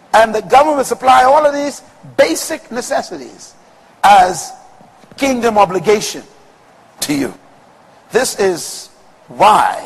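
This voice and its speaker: A man preaching a sermon to a congregation with call-and-response and rhythmic, shouted peaks. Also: high-pitched, slightly rough. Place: large room with congregation. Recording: long reverb of a large hall.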